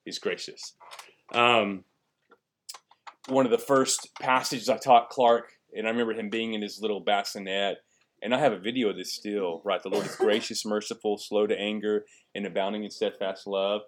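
A man's voice: lowish voice, fairly even intonation, normal speed. A man in his thirties, a pastor teaching a Bible lesson and asking the listeners questions as he goes. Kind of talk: sermon.

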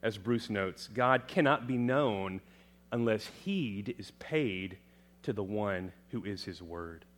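Guy preaching, voice climbs way up then drops low, asks the crowd stuff and answers himself. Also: expressive, slow. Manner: dramatic, rising to loud emphatic proclamations then dropping low; asks the congregation questions and answers them. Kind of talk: sermon.

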